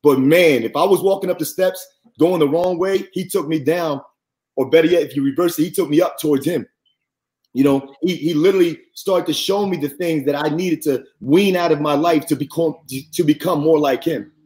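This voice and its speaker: Male guest, higher voice, earnest faith testimony, lively and heartfelt. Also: moderate pace. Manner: earnest, animated, rises high when quoting. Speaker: podcast guest. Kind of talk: faith-centered personal testimony.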